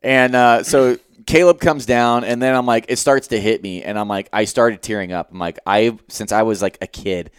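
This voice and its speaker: A young man co-hosting a podcast, retelling a hunt in a rambling, animated way with lots of quoted dialogue and swearing. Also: medium pitch, normal speed, few pauses, smooth, no room sound. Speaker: podcast co-host. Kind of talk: casual storytelling chat.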